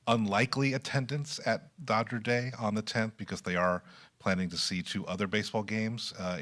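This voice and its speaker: Low-pitched male staffer, measured council report delivery, frequent ums. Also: a bit bright. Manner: measured, many filler pauses. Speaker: city staff presenter. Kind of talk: formal public meeting report.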